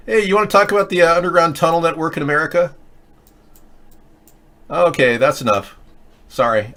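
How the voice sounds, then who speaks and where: A man hosting a political commentary show, talking in a rambling, sarcastic way, mid-pitched. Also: fairly bright tone. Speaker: host.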